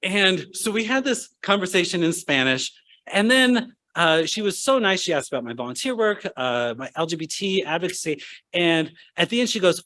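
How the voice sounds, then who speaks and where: A man's voice: high voice, big pitch swings, moderate pace, sharp tone. A young man giving a humorous storytelling speech at a medical school ceremony, acting out voices from his anecdotes.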